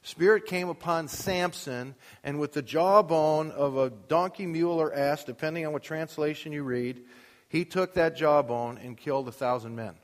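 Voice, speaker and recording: Pressing his message with rhetorical questions and building emphasis, a man preaches a sermon at a moderate pace in a slightly high voice. He's the pastor of a church with a sound booth, and long hall reverb colors the recording.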